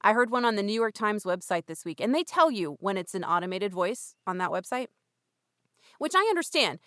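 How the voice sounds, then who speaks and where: A woman's voice: mid-range voice, sing-song, a little fast, fairly bright tone, no echo, studio quality. Chatty young woman podcast co-host. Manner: chatty, laughs often, frequent "like" and "um". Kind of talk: casual chat.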